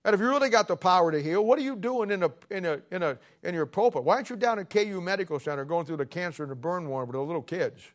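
A man's voice: sits high, fast talker, few pauses. Wry, folksy man preaching. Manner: sarcastic, wry storytelling with folksy asides. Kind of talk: sermon with storytelling.

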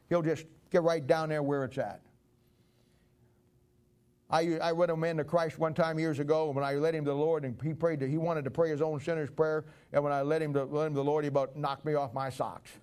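Male preacher, folksy, conversational, fairly high voice. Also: steady tone, a little fast, darkish tone. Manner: folksy, conversational, acts out Bible dialogue. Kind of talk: sermon.

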